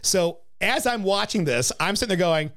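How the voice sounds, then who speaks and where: A man in casual podcast chat whose voice rides up and down with lively swings, a touch high for a man. He talks animatedly and breaks into laughter often. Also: normal speed. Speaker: podcast co-host. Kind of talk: casual chat about a film musical.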